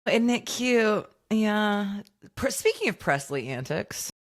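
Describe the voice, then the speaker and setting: A woman's voice: medium pitch, big pitch swings, takes it slowly. A woman in her thirties co-hosting a podcast, telling stories in casual chat, acting out quoted dialogue and swearing freely. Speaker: podcast co-host.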